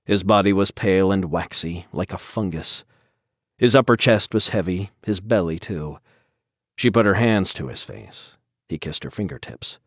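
A man with a very low, deep voice narrates a dark tale in a measured, deliberate way. The recording is dry and close, with no room sound. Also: lively intonation, no echo. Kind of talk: audiobook narration.

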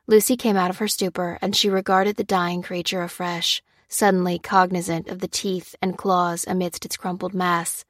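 Low-voiced woman narrating a thriller. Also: no room sound, clean studio sound. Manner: steady, measured storytelling. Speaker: audiobook narrator. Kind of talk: scripted narration.

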